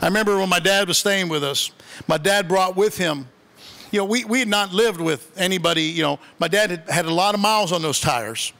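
Male pastor, high bright voice, casual joking sermon style, long reverb of a church hall. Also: brisk. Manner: conversational, humorous storytelling. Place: church sanctuary.

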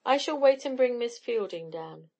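Woman reading a teenage boy, blunt, loyal, eager, a little high. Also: animated, normal speed, warm tone. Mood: firm. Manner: forthright, firm.

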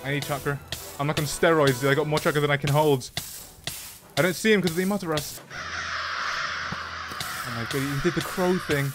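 A young man playing a video game, talking through it with excited, jokey, self-mocking commentary and short narrated asides. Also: fairly high pitch, brisk, pauses often, over music. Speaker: gaming YouTuber. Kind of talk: playthrough commentary with voice-over narration.

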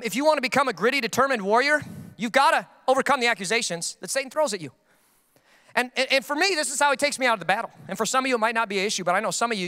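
A young adult man preaching a sermon as pastor, telling stories with comic, animated outbursts. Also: high-pitched. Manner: comedic storytelling with animated outbursts.

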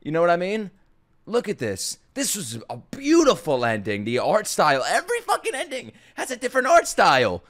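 A young man reacting out loud to an anime as a streamer, loud and exclamatory, swearing freely and talking back to the screen. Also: high voice, huge pitch swings, moderate pace. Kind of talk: excited anime reaction commentary.

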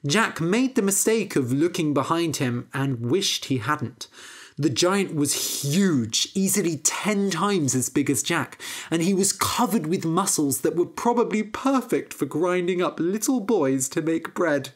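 A woman with a low-pitched voice reads a fairy tale aloud like a storyteller. She speaks slowly, clearly and expressively for English learners.

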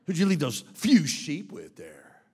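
A preacher voicing a scornful older brother. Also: male voice, fairly high pitch, huge pitch swings, unhurried, breathy edge, heavily acted. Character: scornful, angry older brother, young man. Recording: long reverb of a large hall.

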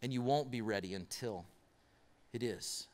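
A pastor preaching in a reverberant hall. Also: male voice, mid-range voice. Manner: storytelling with pauses and rhetorical questions. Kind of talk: sermon. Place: church auditorium.

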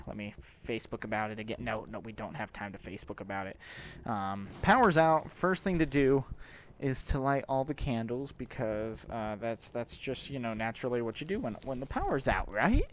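A man's voice: medium pitch, animated, normal speed, a little hiss or hum. A man giving joking, rambling commentary while playing a horror game. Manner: joking, rambling, self-mocking asides. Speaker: gaming video host. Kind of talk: let's play commentary.

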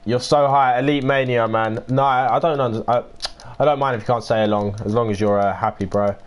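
A nineteen-year-old man from the UK grumbles and swears through his game on a live stream, casually chatting and replying to viewers by name. His medium-pitched voice is fairly quick with fairly even intonation.

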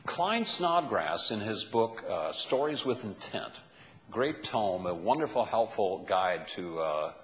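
A man's voice: on the low side, big pitch swings, slow pace, fairly bright tone. A man preaching a sermon as a pastor, asking the listeners question after question. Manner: asks the listeners many questions. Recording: long hall reverb.

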